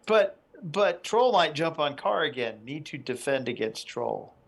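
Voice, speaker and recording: A man's voice: fairly high pitch, sing-song, measured pace, gravelly, slightly rough, exaggerated voice. A man voicing a childish, stubborn male marine brute who speaks in clipped, broken grammar. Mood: insistent.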